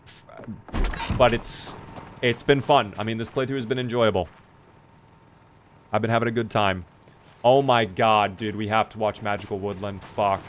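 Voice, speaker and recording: A man's voice: medium pitch, a little hiss or hum. A man casually commenting on his gameplay on a live stream, chatty and playful, joking with his chat.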